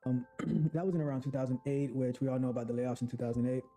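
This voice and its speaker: A man who works as a quality assurance engineer, speaking hesitantly with many pauses in a recorded self-introduction. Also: medium pitch, little pitch movement, warm tone, faint music behind.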